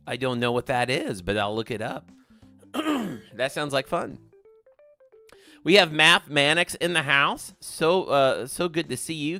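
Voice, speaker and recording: A man hosting a gaming livestream, chatting casually and warmly thanking viewers by name as he reads their comments. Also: mid-range voice. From American South.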